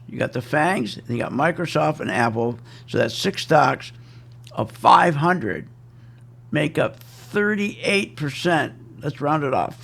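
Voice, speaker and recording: A man's voice: medium pitch, creaky, fairly bright tone, slightly rough. A man giving casual, emphatic and self-assured stock market commentary, repeating his points.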